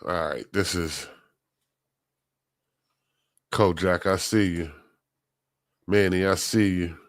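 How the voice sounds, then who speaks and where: A man's voice: sits low, fairly bright tone, no echo. A man hosting a live stream while feeling sick, chatting casually with viewers in loose slang and greeting them by name. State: sick, under the weather.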